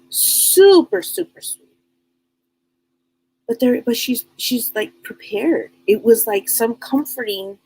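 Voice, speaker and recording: A woman talks casually and earnestly about spiritual matters on a live stream, wandering through her thoughts and often repeating or restarting her words. Her voice is low and mellow, with a gravelly edge and a husky, breathy texture. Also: poor audio. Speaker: psychic medium hosting a live stream.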